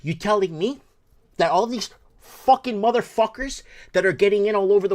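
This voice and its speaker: A man hosting a talk show, ranting angrily and cursing, swinging between shouted bursts and low muttering. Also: a little fast. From Portuguese heritage. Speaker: show host. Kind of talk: angry political rant.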